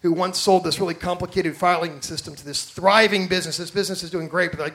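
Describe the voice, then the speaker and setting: A high-voiced male pastor gives a lively, quick-paced sermon. He tells stories energetically, acts out the people he quotes, and puts direct questions to the congregation.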